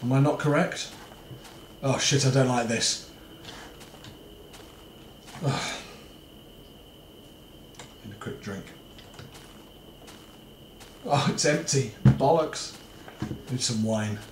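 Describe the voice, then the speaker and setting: A man commentates on a horror game at an ordinary pitch, chattering to himself in a jittery, swearing stream. His voice rings a little in an echoey room, with a faint hum of noise behind it. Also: slow pace, pauses often. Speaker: gaming video host.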